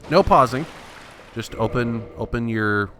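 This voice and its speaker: A man's voice: medium pitch, a little slow, fairly bright tone, soft background music. A man thinking aloud in wry, self-mocking let's play commentary, restarting his sentences often. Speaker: gameplay commentator.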